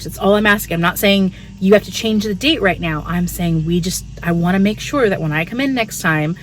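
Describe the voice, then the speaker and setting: A woman's voice: on the low side, a little fast, hardly any pauses, a little hiss or hum. A woman, giving a candid, chatty pregnancy update. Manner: chatty and candid, frequent "like" fillers. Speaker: vlogger. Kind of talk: casual pregnancy update vlog.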